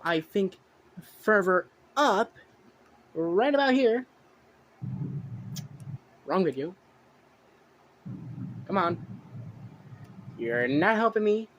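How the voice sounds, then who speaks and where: A vlogger ranting indignantly at viewers in a profane reaction commentary. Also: medium pitch.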